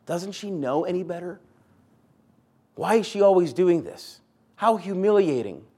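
A man's voice: high-pitched, lively intonation, measured pace, dark tone, voice pushed up, exaggerated voice. A harried woman sweating in the kitchen, complaining indignantly in a raised, strained tone, as a preacher acts her out. Her voice climbs above the speaker's own. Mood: exasperated. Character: flustered, resentful woman overworked in the kitchen.

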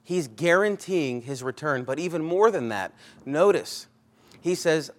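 A pastor delivering a conversational sermon, emphatic at points and often rephrasing himself mid-sentence. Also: male voice, on the high side, lively intonation, measured pace. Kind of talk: expository sermon.

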